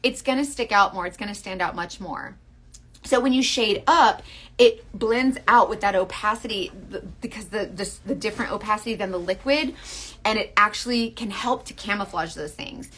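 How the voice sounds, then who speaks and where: A woman's voice: medium pitch, normal speed, a bit bright, slight background noise. Chatty woman demonstrating makeup live. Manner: chatty and earnest, talks straight to viewers; rambling, restarts sentences. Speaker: makeup seller.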